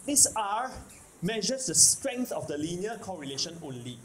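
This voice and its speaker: A man's voice: high-pitched, big pitch swings, normal speed, slight background noise, rough recording. A man with a Singaporean English accent giving a math lecture, repeating key points and checking in with the class often. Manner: repetitive, keeps checking in with "okay? can?". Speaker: math teacher.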